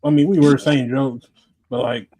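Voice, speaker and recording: A laid-back man co-hosting a casual livestream, his voice dry and close with no room sound. He talks hesitantly and fills his pauses with "um". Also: medium pitch, fairly even intonation, mellow, dry recording, low-quality recording. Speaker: podcast co-host.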